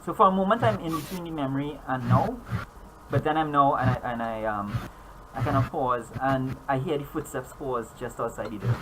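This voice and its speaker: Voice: mid-range voice, brisk. A player narrating their character's actions hesitantly, with many fillers and restarts. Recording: noisy home recording.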